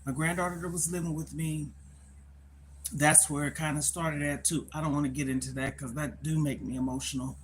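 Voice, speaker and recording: A woman's voice: deep voice, fairly even intonation, fairly quick, a little hiss or hum. A middle-aged woman talking candidly on a live stream from her phone. She is worried and close to tears, and she rambles and repeats herself. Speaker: livestreamer.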